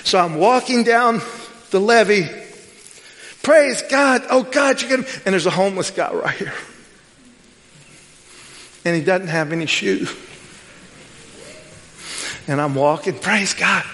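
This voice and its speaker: A middle-aged male preacher with a high-pitched voice delivers a sermon as a personal story, acting out what each person said. His words ring out with a long reverb, as in a large church sanctuary. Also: measured pace, long pauses. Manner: storytelling with lively quoted dialogue.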